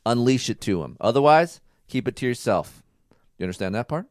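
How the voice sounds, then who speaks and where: A man's voice: mid-range voice, lively intonation, fairly quick, no room sound, clean studio sound. A man co-hosting a casual podcast with his partner, giving blunt, profane advice in a lecturing way. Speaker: podcast co-host. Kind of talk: casual couple chat.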